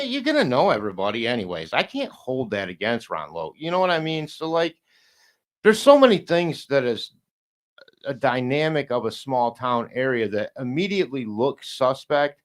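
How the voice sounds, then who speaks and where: A man talking casually as a podcast guest, rambling and halting with many restarts, now and then swearing and laughing. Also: mid-range voice, a bit bright.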